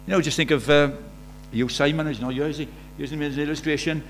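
A man's voice: a little high, steady tone, fast talker. A man preaching a sermon in a conversational way, asking the congregation rhetorical questions. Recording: faint mains hum.

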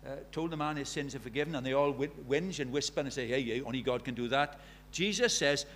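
Male preacher with a high voice, emphatic and questioning. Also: lively intonation, fast, hardly any pauses, fairly bright tone. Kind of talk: sermon.

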